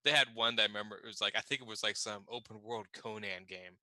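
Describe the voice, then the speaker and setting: A man's voice: on the low side, fast talker, sharp tone, dry recording, rough recording. A man co-hosting a casual podcast, telling funny stories about video game trolling and laughing at his own anecdotes. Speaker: podcast co-host. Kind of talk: casual chat.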